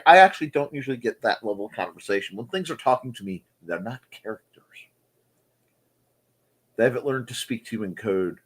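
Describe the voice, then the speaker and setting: A man's voice: medium pitch, breathy edge. A man hosting a casual livestream chat from home, playful and chatty as he reads comments. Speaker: host. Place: home room.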